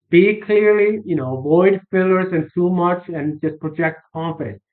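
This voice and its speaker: A man's voice: high-pitched, a little fast, few pauses. A man giving a casual sales lesson, rambling with restarts and fillers. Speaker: sales coach. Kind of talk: casual instructional talk. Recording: tinny phone-like sound.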